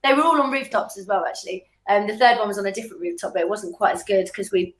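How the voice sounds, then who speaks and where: A woman's voice: medium pitch, fast, roomy sound. A woman musician from Norfolk, rambling with lots of like and you know as she chats in an interview. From Norfolk, England. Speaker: musician guest. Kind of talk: casual interview chat.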